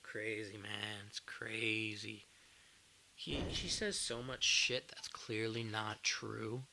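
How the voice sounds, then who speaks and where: A young man tells a work story as a podcast host, rambling and exasperated, dropping casual curses. His voice has a gravelly fry and a bright edge. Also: fairly low pitch, steady tone, slow pace, a little hiss or hum.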